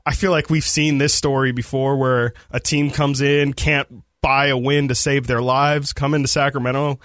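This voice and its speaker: A man's voice: mid-range voice, little pitch movement, normal speed, a bit bright, no room sound. A young man hosting a casual sports podcast in a radio studio, talking in a laid-back, rambling way with lots of fillers. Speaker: podcast host.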